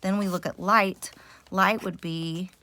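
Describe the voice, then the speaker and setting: Bright-voiced woman teacher, patient explaining. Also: on the low side, steady tone, measured pace. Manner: patient, explains step by step with frequent um fillers. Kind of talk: recorded reading mini lesson for parents.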